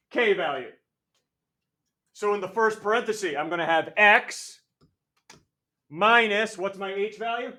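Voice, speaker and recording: A male math teacher lecturing a classroom, energetic and jokey, calling on students by name. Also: high voice, measured pace, pauses often. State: out of breath.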